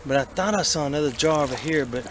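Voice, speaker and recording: A man, chatting excitedly to himself and his viewers as he searches a creek outdoors. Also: on the high side, fast talker. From Alabama. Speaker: vlogger. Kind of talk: casual outdoor narration. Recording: outdoor recording with clear background noise.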